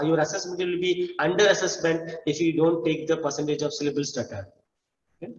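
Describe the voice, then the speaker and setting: Indian man lecturing in an echoey hall. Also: a little high. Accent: Indian English. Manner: explanatory, with frequent "okay" and "you know". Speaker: professor giving a lecture. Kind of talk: academic lecture. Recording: distant echoey hall, dull sound.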